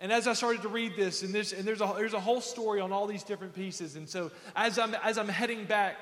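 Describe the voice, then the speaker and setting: A man preaching a sermon in a church sanctuary, with a repetitive, impassioned cadence that swells into shouting. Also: high-pitched, fairly even intonation, quick pace. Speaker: pastor. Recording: echoey hall with faint congregation.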